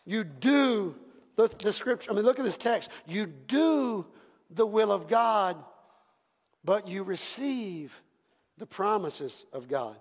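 High-voiced gravelly preacher in a hall. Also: male voice, lively intonation, slow. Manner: impassioned preaching, swinging from hushed to shouted. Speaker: pastor. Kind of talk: sermon. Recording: long reverb from a large hall.

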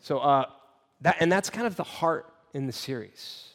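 A man in his thirties preaching, telling a family story in a conversational, animated way with halting restarts. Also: on the high side. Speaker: pastor. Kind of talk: sermon storytelling. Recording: long reverb of a large hall.

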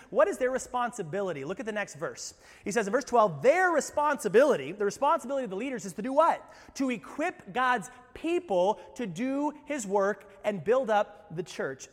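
Man, pastor, high voice, lively conversational sermon, long reverb of a church hall. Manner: conversational, animated, asks the congregation questions. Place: church sanctuary.

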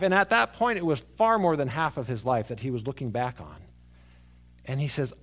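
A man preaching a sermon to a congregation, rising loud and emphatic, then dropping to quiet, hushed tones. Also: medium pitch, very animated, normal speed. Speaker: pastor. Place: church sanctuary with congregation.

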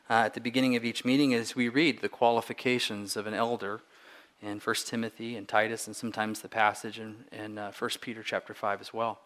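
A man's voice: medium pitch, fairly bright tone. A man preaching a Sunday sermon as pastor, earnest and emphatic, repeating and stressing key words to drive a point home.

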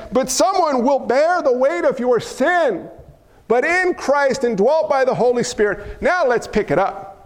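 A man preaching a sermon as a pastor, impassioned and building to emphatic outbursts. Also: very high voice. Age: adult father of young children. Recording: long reverb of a large hall.

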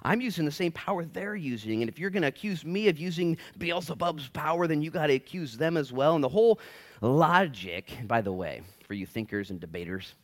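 A man's voice: on the high side, expressive, a little fast. A male pastor preaching a casual verse-by-verse sermon in a church, slangy and acting out quoted voices.

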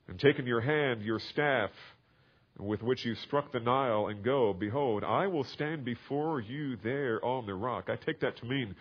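A man's voice: medium pitch, slightly rough, dull audio. A man preaching a sermon, explaining a scripture passage step by step and building to emphatic, raised passages. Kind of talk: sermon, expository Bible teaching.

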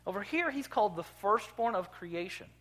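A man preaching a sermon as pastor, emphatic, dropping low and then rising loud. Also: expressive, normal speed. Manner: emphatic, swings from quiet to loud. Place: church sanctuary.

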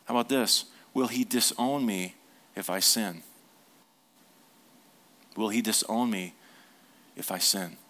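A man preaching a sermon as a pastor. He asks the congregation questions, repeats them, and drops to a hushed tone for tender points. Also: on the low side, slow, long pauses.

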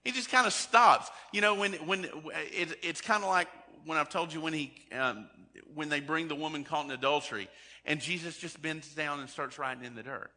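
A man's voice: a little high, moderate pace, pushed and bright, long reverb tail. A man preaching a sermon in a conversational way, often acting out the people he quotes. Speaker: pastor.

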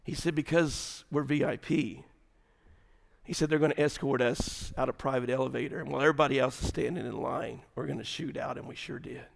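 A man, preaching an animated sermon full of comic stories, swinging from shouts to hushed lines. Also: mid-range voice, brisk, vocal fry. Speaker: pastor.

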